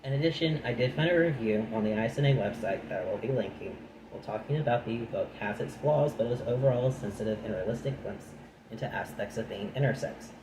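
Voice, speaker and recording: A man's voice: mid-range voice, fast. A man reading a nonfiction book aloud, breaking off into chatty, dry asides of his own. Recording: echoey room with noise.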